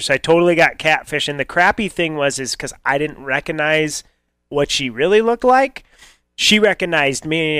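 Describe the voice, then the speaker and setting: A man with a fairly high voice tells a dating story on a radio show, laughing as he goes and jumping into silly voices. The recording is dry and close to the mic. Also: a bit bright, clean tone, no room sound.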